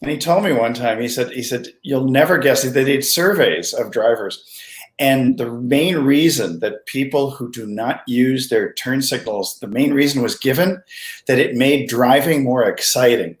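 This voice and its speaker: A man's voice: mid-range voice, normal speed. A man with a mid-range voice chats and jokes as co-host of a live stream, often asking questions. His voice rings with the echo of a roomy space, heard over a video call. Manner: chatty, asks questions, jokes. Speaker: co-host, doctor. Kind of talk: casual live-stream chat.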